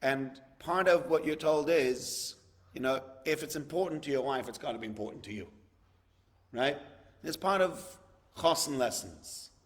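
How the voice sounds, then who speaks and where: A man's voice: a little high, moderate pace, in a large hall. A man, a rabbi, giving a conversational sermon, acting out dialogues and repeating words for emphasis.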